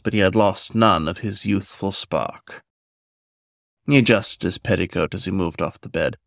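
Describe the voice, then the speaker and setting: A man narrating a story in a measured, scripted storytelling manner. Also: fairly low pitch, creaky, no room sound, studio quality.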